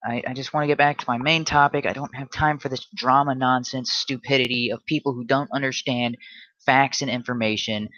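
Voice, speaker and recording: A man's voice: medium pitch, fairly even intonation, brisk, bright, forceful tone, highs cut off, slight background noise. A man hosting a solo livestream, ranting combatively and often stumbling into restarts. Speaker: livestream host.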